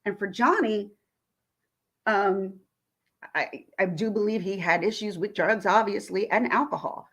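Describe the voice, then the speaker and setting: A woman's voice: mid-range voice, measured pace, a bit bright, breathy edge. A woman vlogger, indignantly retelling a phone call in a ranting commentary.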